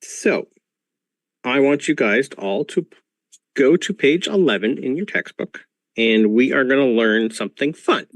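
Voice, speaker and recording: A man's voice: medium pitch, expressive, a little slow, dry recording. Patient man lecturing as game master. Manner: patient, lecturing, many ums. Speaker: game master playing a professor. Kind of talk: narrating a tabletop game over a video call. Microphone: video call.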